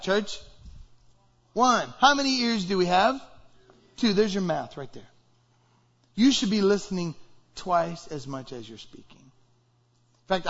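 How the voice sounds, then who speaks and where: Husky-voiced man preaching a sermon. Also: on the high side, a bit bright, lo-fi sound. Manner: conversational, acts out example dialogues. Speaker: pastor.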